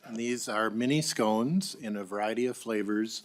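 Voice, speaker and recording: A man's voice: lowish voice, moderate pace. A man, a state representative, making informal remarks at a hearing in a plain, matter-of-fact way.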